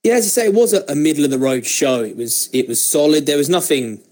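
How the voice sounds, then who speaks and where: A man's voice: a little high, expressive, quick pace, a little mellow. A man co-hosting a casual chat podcast who talks in a laid-back way, with restarts. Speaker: podcast co-host.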